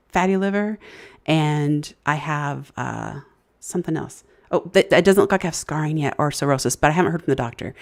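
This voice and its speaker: A woman hosting a casual live stream, halting and searching for words, thanking viewers as she reads the chat. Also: deep voice. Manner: halting, many fillers and restarts, searching for words; grateful, effusive thanks to viewers. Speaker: livestream host.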